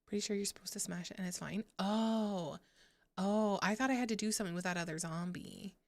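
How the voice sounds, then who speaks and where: A woman's voice: medium pitch, fairly quick, no room sound. A young woman hosting a gaming livestream, chatting casually with viewers, giggling and swearing freely. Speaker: livestream host. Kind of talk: casual gaming stream chat.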